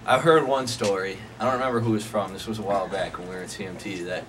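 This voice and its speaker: A man's voice: on the low side, fast, a bit bright. A young man casually telling a rambling, profane anecdote to friends, often laughing as he talks. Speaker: storyteller. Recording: noisy amateur recording.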